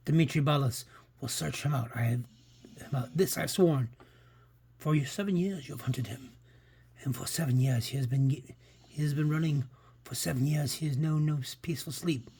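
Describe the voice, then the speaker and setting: A man with a husky voice reading the part of a grim, vengeful aging male police inspector in a comic, trying a Greek accent and stumbling over the lines. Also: mid-range voice, dark tone, a little hiss or hum, close to an everyday voice. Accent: attempted Greek. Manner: plain read-aloud delivery with stumbles.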